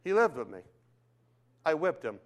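An older man preaching a sermon, telling stories in a lively way that swings from hushed to loud. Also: fairly high pitch, normal speed. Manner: animated storytelling, swings between hushed and loud.

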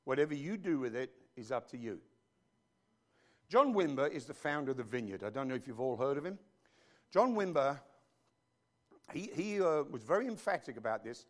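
A man preaching a sermon as pastor, animated and joking, with frequent asides to his congregation. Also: mid-range voice, moderate pace, long pauses.

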